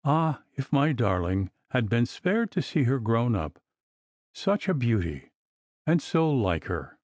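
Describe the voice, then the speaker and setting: A man reading the lines of a gentle, grieving old rector who speaks tenderly and rambles on in a storybook. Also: medium pitch, very animated, slow, no echo.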